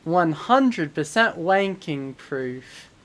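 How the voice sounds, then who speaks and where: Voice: medium pitch, animated, extremely slow. A streamer voicing a cheeky British breakfast cereal announcer in a put-on British accent, talking like an exaggerated advert. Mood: hammy. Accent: mock British.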